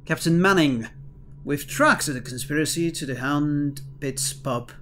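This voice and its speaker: A man's voice: a little high, lively intonation, normal speed, gravelly, a little hiss or hum. A man voicing a stern, pompous male lord regent who gives cold orders, using a wavering put-on accent. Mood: commanding.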